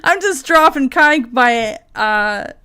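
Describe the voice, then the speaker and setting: A woman streamer with a fairly high voice, talking unhurriedly in loose, rambling live-stream commentary. She swears freely and breaks into laughter between her thoughts. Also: expressive, slow, pushed and bright, clean tone. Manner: laughs often, profane, rambling.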